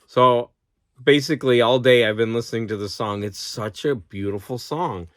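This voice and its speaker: This man, a teacher and vlogger, has a medium-pitched, fairly bright voice and a moderate pace. He has a cold and talks casually to a close-up camera at home, rambling, laughing at his own stories, and addressing his dog, all in clean studio sound without echo.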